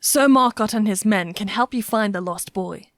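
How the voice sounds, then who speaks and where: Woman doing a polite foot soldier, calm, reassuring, storybook reading, dry sound. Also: medium pitch, normal speed, no room sound, close to an everyday voice.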